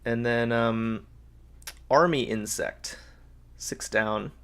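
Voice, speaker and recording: A man's voice: medium pitch, very slow, fairly bright tone, smooth. Upbeat man hosting a live puzzle stream. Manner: upbeat, thinks aloud, reads out viewers' answers. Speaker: host of a live crossword solve. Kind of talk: live-stream puzzle solving, chatting with viewers.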